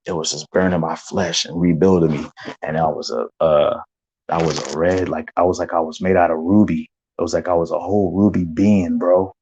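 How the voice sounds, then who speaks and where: A man animatedly recounting a spiritual vision as testimony, acting out gasps and shouts along the way. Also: sits low, breathy edge, poor audio.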